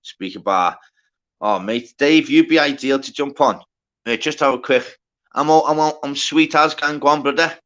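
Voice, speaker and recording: A man hosts a casual livestream, his medium-pitched, slightly bright voice at normal speed and heard through lo-fi sound. He reads out the chat, greets viewers by name and banters with plenty of swearing.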